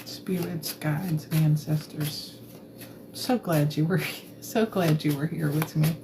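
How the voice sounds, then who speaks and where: A woman's voice: low voice, steady tone, slow pace, noisy background. A woman tarot reader chatting casually on a live stream, playful and giggly, rambling as she talks into a phone.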